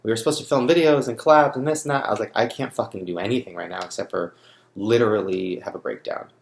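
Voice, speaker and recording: A young man speaks straight to camera in a personal vlog, shaken by grief. His voice sits low with a gravelly fry, and his sentences break off and restart. The sound bounces around a roomy space. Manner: grieving, halting, restarts often. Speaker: vlogger.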